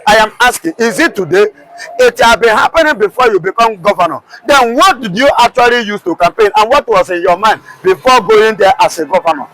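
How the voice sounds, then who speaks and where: Nigerian male pundit, high voice, heated and repetitive, light background hiss. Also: animated, a little fast, pushed and bright, low-quality recording. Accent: Nigerian English. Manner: combative, repeats rhetorical questions. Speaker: commentator guest. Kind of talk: heated political commentary.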